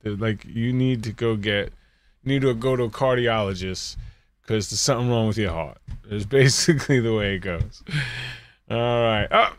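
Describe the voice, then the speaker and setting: A man's voice: lowish voice, moderate pace. A man hosting a podcast on a video call, chatting casually and joking around. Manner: lively, animated, joking. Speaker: podcast host. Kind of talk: casual chat.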